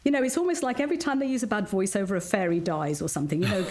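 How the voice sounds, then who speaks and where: A woman's voice: mid-range voice, rapid-fire, a little mellow, a little hiss or hum. Chatty Black Country woman, frank and laughing. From England. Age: older. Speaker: voiceover artist and coach, guest. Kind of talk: casual chat, anecdotes.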